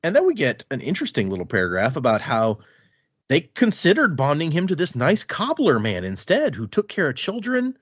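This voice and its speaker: A man's voice: a little high, wildly swooping pitch, a little fast, slightly rough, dry recording, muffled recording. A man co-hosting a podcast, casually and animatedly retelling chapters of a book. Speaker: podcast co-host.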